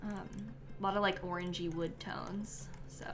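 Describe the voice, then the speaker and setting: A woman streaming a life-sim game live, chatting casually with many ums and likes and giggling now and then. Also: lowish voice.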